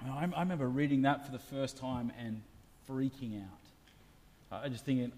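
A man preaching a sermon in an earnest, confessional way, his voice dropping to a hush and swelling loud again. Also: on the high side, fairly quick, in a large hall.

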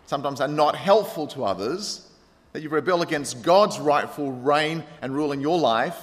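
A man preaching a sermon as pastor, earnest, pressing on points and then dropping quiet. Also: fairly high pitch. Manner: earnest preaching with rising emphasis and quiet drops. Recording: long hall reverb.

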